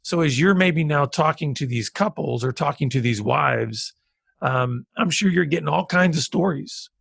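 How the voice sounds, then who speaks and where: A man's voice: a little high, normal speed, vocal fry, a bit bright, husky, no echo, studio quality. A man hosting a podcast interview, asking long, winding questions. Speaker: podcast host.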